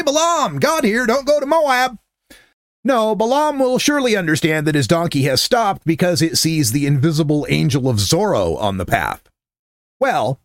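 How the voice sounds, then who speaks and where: A man's voice: a bit bright, dry recording, clean studio sound. A man sarcastically retelling an old story as comedy, profane and mocking, jumping in and out of quoted voices. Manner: sarcastic, profane, swings pitch widely for jokes and quotes.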